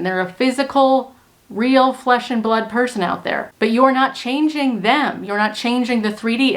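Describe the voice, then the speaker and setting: Young woman, manifestation coach, earnest, emphatic, casual talk to camera, mid-range voice. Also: mid-range voice. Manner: earnest, emphatic, repeats points for stress.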